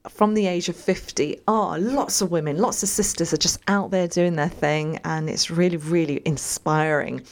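A woman hosting a radio show, chatting casually in a meandering way and putting questions to her listeners. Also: lowish voice.

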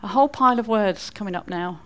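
Quizzing the people in the pews, a woman preacher with a Mancunian northwest England accent keeps her church talk chatty. She has a mid-range voice and a fast delivery.

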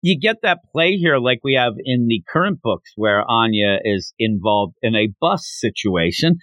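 Animated man retelling a manga chapter. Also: mid-range voice, normal speed, no echo. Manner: animated storyteller, acts out the characters' lines. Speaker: podcast host. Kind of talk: casual manga recap chat.

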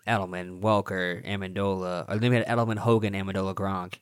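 A young man, telling animated, profanity-laden sports stories in casual chat. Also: sits low, quick pace, clean tone.

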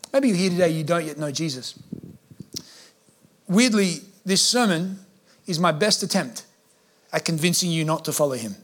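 A man's voice: fairly high pitch, lively intonation, normal speed, long pauses, a bit bright. A man preaching a sermon as a pastor, humorous and acting out the voices he quotes. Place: church hall with congregation.

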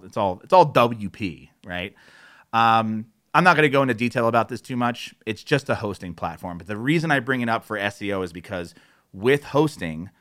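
A man's voice: on the low side, a bit bright. A man presenting a web tutorial in a casual, candid way, getting exasperated and acting out the people he quotes, recorded on an isolated microphone. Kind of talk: casual explainer with rants. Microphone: isolated studio microphone.

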